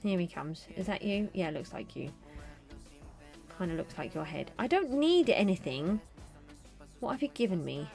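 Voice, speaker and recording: A woman's voice: lowish voice, big pitch swings, normal speed, gravelly, long pauses, darkish tone, faint music behind. A middle-aged woman streamer chatting casually to viewers while she plays a game. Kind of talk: casual live gameplay commentary.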